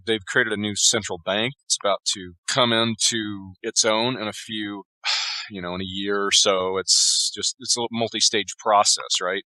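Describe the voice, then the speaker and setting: A man with a low, forceful voice answers interview questions at length, laying out his views in steady, explanatory runs. The sound is close and dry, with no room around it. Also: no echo, rough recording. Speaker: author guest. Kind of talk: conversational interview.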